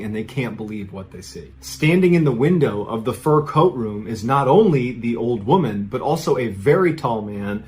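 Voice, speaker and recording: A man's voice: mid-range voice, slight background noise. A man hosting a podcast, telling a mysterious story in a casual, suspenseful conversational way. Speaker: host and storyteller.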